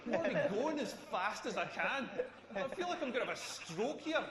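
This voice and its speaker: A man's voice: very high-pitched, big pitch swings, brisk, a crowd in the background. A Scottish man in his forties doing a rambling, self-mocking stand-up routine on a stage. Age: 40s. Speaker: stand-up comedian. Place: stage in a large hall. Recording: echoey hall from a distance.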